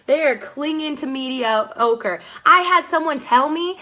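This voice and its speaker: A woman's voice: high-pitched, measured pace, hardly any pauses, pushed and bright. A young woman coaching direct sellers in a fired-up, blunt and sarcastic motivational talk.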